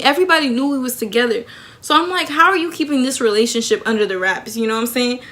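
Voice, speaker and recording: A young woman vlogger chatting through a personal story time, animated and talkative, acting out what people said. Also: high voice, fast talker. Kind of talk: storytime vlog.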